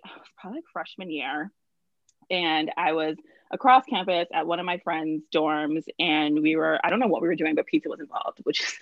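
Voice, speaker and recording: A woman's voice: on the low side, dry recording, muffled recording. A young woman telling a personal story in casual podcast chat, talking in a rambling way with lots of fillers and restarts. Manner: chatty, lots of "like" and restarts, laughs through stories.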